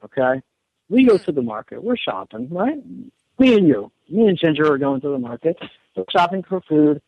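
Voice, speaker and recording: A man with a fairly high voice talks earnestly as a radio guest, rambling and tripping over his own restarts. The audio is muffled and lo-fi, and the sound is dry and close. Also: dry recording. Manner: earnest, rambling, many restarts and repeated words. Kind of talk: casual radio interview talk.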